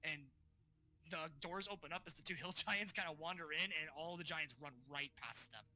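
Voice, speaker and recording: A man's voice: on the high side, a little fast, pushed and bright, rough recording. A man narrating as game master in a casual style, with many fillers.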